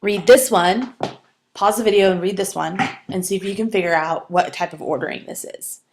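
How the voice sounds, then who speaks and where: A woman's voice: medium pitch, steady tone, moderate pace, a little mellow. A woman giving a recorded writing lecture, explaining patiently with some fillers and restarts. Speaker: writing instructor.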